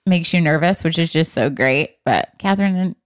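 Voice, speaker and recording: An emotional, weepy woman chatting on a podcast, telling stories and acting out quotes. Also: normal speed. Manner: storytelling, acts out quotes with pitch jumps. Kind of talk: casual chat.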